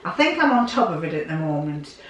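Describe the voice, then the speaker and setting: A woman's voice: sits low, very animated, a little fast, slight background noise. Chatty older woman, echoey and distant. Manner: chatty, rambling, repeats herself. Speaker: sewing vlogger. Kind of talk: casual chat to viewers. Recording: echoey room, away from mic.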